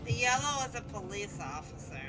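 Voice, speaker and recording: Very animated and brisk, this mid-range female voice comes through a rough recording. She's streaming a video game with game music behind her, offering casual, playful commentary laced with curses and under-her-breath remarks.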